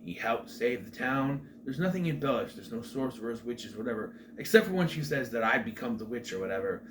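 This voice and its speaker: A man's voice: medium pitch, animated, fairly quick, a bit bright. A middle-aged man casually recapping a film as a show host, rambling with chatty asides and restarts. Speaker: movie review host. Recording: faint background noise.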